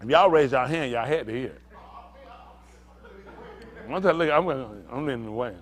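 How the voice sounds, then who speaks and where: This pastor's voice is medium-pitched and moderately paced as he teaches an interactive sermon. He uses everyday vernacular, checks in with "y'all understand?", calls out to the crowd, and laughs or shouts now and then.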